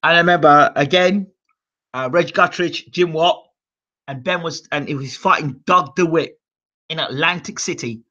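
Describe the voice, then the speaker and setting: A British man hosting a boxing channel, telling stories in a rambling, animated way with fillers and acted-out quotes. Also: a little high, unhurried. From United Kingdom. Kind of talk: animated storytelling monologue. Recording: dull lo-fi sound.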